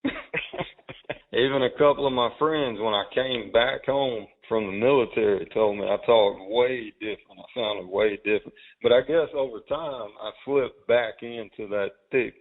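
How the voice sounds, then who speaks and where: A man with a thick Southern US accent, co-hosting a podcast in a relaxed, storytelling manner. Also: mid-range voice. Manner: relaxed storytelling, drawn-out anecdotes. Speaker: podcast co-host. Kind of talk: casual chat. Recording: tinny phone-like audio.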